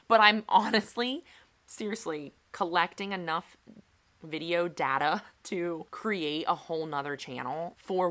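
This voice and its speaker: A woman's voice: fairly low pitch, fairly bright tone. A young woman vlogging in a casual, chatty, self-mocking way while she makes crafts.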